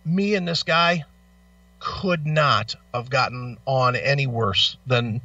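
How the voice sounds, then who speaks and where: On a dull lo-fi mic placed at a distance, a man co-hosting a radio show tells an angry, swear-filled story, animated despite his back pain. The chat is casual, and his mid-range voice is slow with no echo.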